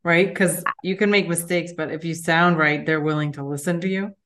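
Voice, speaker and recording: A woman's voice: on the low side, fairly even intonation, moderate pace, fairly bright tone. A woman co-hosting a podcast, chatting casually and reflectively about learning a language. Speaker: podcast co-host. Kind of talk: casual chat.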